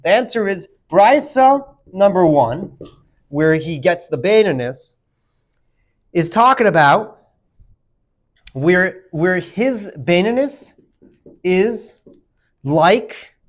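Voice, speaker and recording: A man teaching Talmud to a class, animated, calling on students by name and quizzing them. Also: sits high, takes it slowly, long pauses.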